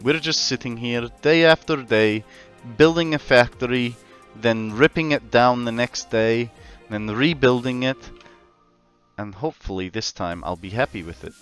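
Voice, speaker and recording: An Australian man streams a game, chatting and joking with viewers in a casual way as he plays. His mid-range voice is unhurried, clean and fairly bright, with faint music in the background.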